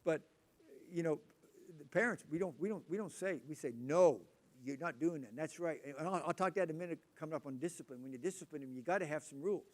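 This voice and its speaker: An older man with a drawl preaches to his congregation in a loose, conversational way. He stumbles over and repeats his words, and he breaks off to ask the room questions. His voice sits a little higher than most men's. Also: fast. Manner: rambling, repeats words, chatty asides to the audience. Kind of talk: casual sermon talk.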